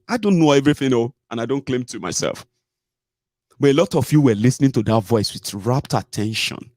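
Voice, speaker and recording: A man's voice: mid-range voice, lively intonation, brisk, darkish tone, no echo, studio quality. A Nigerian man hosting a casual livestream, chatty, mixing in pidgin and frequent "eh" and "omo". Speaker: host.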